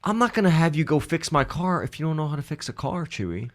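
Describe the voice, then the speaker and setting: A man's voice: a little high, big pitch swings, quick pace. A man co-hosting a podcast in casual chat, blunt and dry, dropping casual swears. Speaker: podcast co-host.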